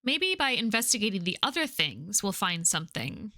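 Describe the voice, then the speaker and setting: A woman's voice: mid-range voice, big pitch swings, normal speed, sharp tone, no room sound, clean studio sound. A woman streaming a game, curious and chatty, muttering to herself and laughing as she explores. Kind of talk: let's play commentary.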